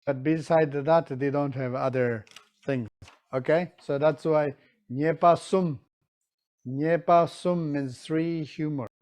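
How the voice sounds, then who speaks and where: A man with a slightly high voice speaks slowly while teaching Tibetan medicine in a live session. His English grammar is non-standard, he keeps checking in with "right?", and he animatedly acts out examples.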